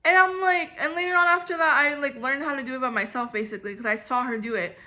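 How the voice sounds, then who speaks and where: A woman's voice: high-pitched, fast talker, pushed and bright. A young woman telling a storytime vlog in a rambling, exasperated way, full of filler "like"s. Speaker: vlogger. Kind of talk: casual storytime monologue.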